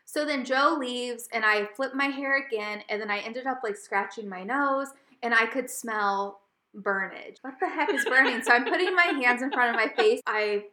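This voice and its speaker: A woman co-hosting a podcast, telling a story in casual chat, animated and laughing often. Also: a little high, moderate pace, echoey room. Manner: animated, laughing often, gets loud when retelling. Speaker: podcast co-host.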